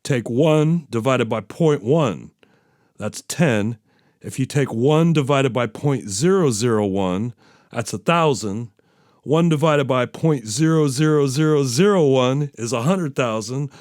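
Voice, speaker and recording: A man's voice: mid-range voice, animated, a little slow, a little mellow, no echo, clean studio sound. A man hosting a podcast, talking in a casual, rambling way with plenty of fillers and self-deprecating asides. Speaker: podcast host. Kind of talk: casual solo podcast chat.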